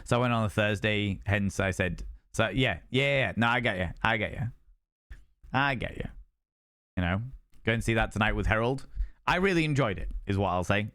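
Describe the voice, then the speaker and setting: A man's voice: fairly low pitch, normal speed, bright, forceful tone, smooth, no echo, studio quality. A man chatting casually with viewers on a game stream, rambling and repeating himself.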